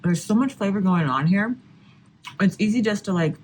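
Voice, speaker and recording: A woman's voice: medium pitch, moderate pace, a little mellow, slight background noise. Chatty woman, casual home-kitchen food vlogger, loose and conversational. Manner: chatty, lots of "like" fillers. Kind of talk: casual cooking vlog.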